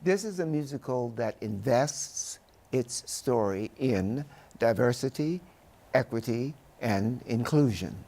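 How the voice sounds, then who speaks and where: An older man talks in a television studio interview with a grave, oratorical cadence. His delivery is unhurried and his voice carries a gravelly rasp. Every phrase sounds deliberately weighed. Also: medium pitch, expressive, dark tone. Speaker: Broadway actor, interview guest.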